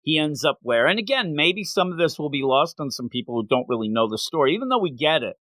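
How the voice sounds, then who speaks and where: A man's voice: fairly high pitch, quick pace, dry recording. A man hosting a podcast, recapping a manga chapter in casual chat and acting out the characters. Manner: animated storytelling, acts out characters in silly voices. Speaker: podcast host.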